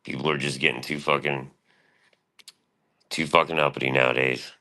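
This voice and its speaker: A man with an extremely deep voice rambles through a casual stream monologue, bragging and swearing freely. Despite the depth, his tone carries a bright, forceful edge, with fairly even intonation and a moderate pace.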